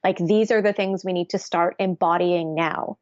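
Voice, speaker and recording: On a podcast as an interview guest, a female nutritionist and coach explains earnestly, often tagging "right?" onto her statements. Her voice is on the low side, steady and a little mellow, at a moderate pace, and the audio is dull with no echo.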